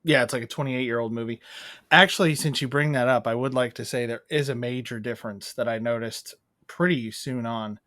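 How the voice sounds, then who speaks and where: A man in a casual movie review chat, rambling and animated, acting out bits of scenes as he goes. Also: mid-range voice, fairly quick, dry recording, clean studio sound. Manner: rambling, animated, acts out quotes. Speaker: podcast co-host.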